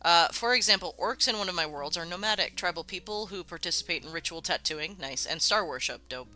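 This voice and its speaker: Bright-voiced casual streamer chatting. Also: medium pitch, a little fast. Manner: loose and casual, swears freely, many fillers. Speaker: streamer hosting a worldbuilding stream. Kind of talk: casual live-stream chat, answering viewer comments.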